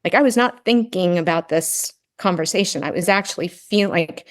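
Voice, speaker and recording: A woman's voice: on the low side, moderate pace. Middle-aged woman telling a story earnestly. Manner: earnest storytelling, frequent "right?" tags. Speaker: podcast guest, grief and Gestalt practitioner. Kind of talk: casual interview conversation.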